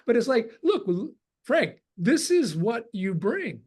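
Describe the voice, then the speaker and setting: A man's voice: very high-pitched, big pitch swings, slow, darkish tone, slightly rough. A man chatting on a video call webinar, rambling with restarts and acting out quoted dialogue. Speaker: webinar participant. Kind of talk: casual chat.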